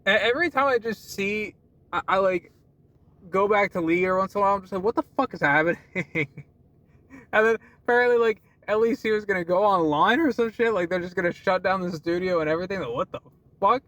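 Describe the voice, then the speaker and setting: High-voiced young man rambling casually. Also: fast, fairly bright tone, no echo. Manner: rambling, laughs often, swears freely, many restarts. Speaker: vlogger.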